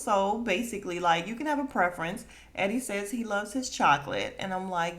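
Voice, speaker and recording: A woman's voice: medium pitch, lively intonation, a little fast, hardly any pauses, fairly bright tone. Chatty, gossipy woman podcast host. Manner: chatty, gossipy, laughs often; acts out quotes in put-on voices. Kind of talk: casual reality-show recap.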